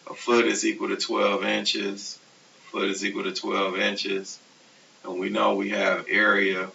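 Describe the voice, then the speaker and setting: A man teaching a recorded math lecture, explaining steps slowly and methodically. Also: fairly low pitch, gravelly. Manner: steady, methodical explaining, self-correcting. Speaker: math instructor. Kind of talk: recorded lecture over slides. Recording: distant, dull, hissy classroom recording.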